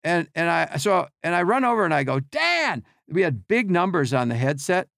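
A middle-aged man, a podcast guest, telling animated behind-the-scenes stories and acting out quotes and sounds. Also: a little high, fairly quick, vocal fry, dry recording, studio quality. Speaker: podcast guest, team equipment worker. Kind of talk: casual storytelling.

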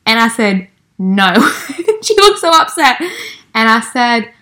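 A woman's voice: on the high side, sing-song, slow pace, sharp tone. Chatty young woman, laughing storyteller. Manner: chatty, laughs often, acts out quoted lines. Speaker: podcast co-host. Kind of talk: casual chat.

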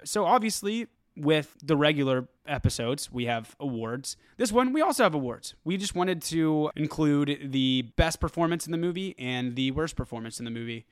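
A man co-hosting a casual movie review chat, animated and profane, often laughing. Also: a little high, moderate pace, few pauses, smooth, no room sound, clean studio sound. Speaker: movie review podcast co-host.

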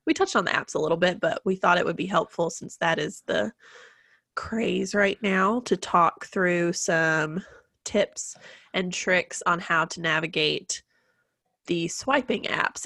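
A woman's voice: fairly low pitch, measured pace, pushed and bright, dry recording, clean studio sound. A woman, congested from allergies, co-hosting a casual podcast in a chatty, bubbly way. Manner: chatty, bubbly, says "like" often. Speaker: podcast co-host.

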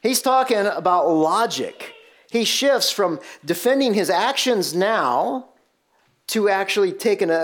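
A man preaching an expository sermon in a conversational, emphatic way, often asking rhetorical questions. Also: high voice. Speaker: pastor.

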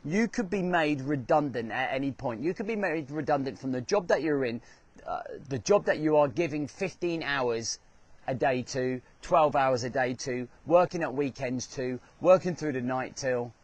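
A man's voice: medium pitch, lively intonation, normal speed, no echo. A man hosting a motivational talk, speaking earnestly and repeating phrases for emphasis. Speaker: host.

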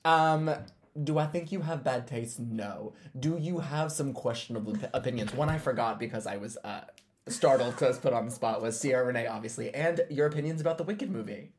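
A woman co-hosting a podcast in casual chat, dry and sarcastic, reading texts aloud in a flat mocking voice. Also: a bass voice, fairly quick, a little hiss or hum. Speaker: podcast co-host.

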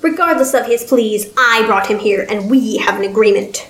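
A woman's voice: on the high side, moderate pace, fairly bright tone, lightly acted. Frankenstein, a woman voicing an arrogant baron. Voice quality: haughty and commanding. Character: arrogant, domineering male baron scientist. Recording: roomy echo.

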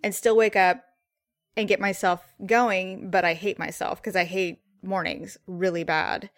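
Husky-voiced middle-aged woman chatting. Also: on the low side, steady tone, unhurried, dry recording, clean studio sound. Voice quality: husky morning voice. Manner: chatty and rambling, laughs often. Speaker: podcast co-host. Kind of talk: casual chat.

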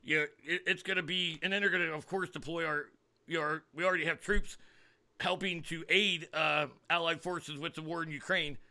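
A man's voice: a little high, steady tone, brisk, bright, forceful tone. A man hosting a political podcast, talking in a sarcastic, ranting way with frequent fillers and restarts. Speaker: podcast host.

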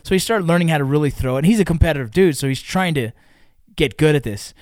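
Profane, animated male storyteller, dry sound. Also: a little high, quick pace, dry recording. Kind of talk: casual storytelling.

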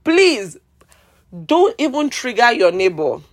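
A little slowly but with plenty of animation, a Nigerian woman pours out an exasperated rant for her vlog. She alternates loud outbursts with low mutters, peppering it with sarcasm and repeated pleas.

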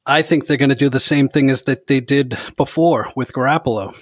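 A man's voice: mid-range voice, brisk, no room sound. A man in casual chat, telling a rambling story.

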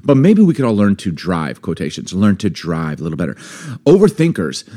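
A man co-hosting a podcast in casual chat, an animated storyteller who acts out his own reactions, on a studio mic. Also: low-pitched, fairly quick. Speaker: podcast co-host.

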